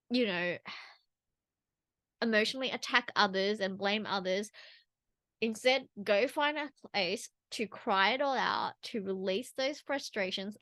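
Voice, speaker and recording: A woman's voice: mid-range voice, fairly bright tone, no room sound. A woman talking straight to camera in a personal vlog, earnest and rambling, with restarts and asides. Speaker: vlogger.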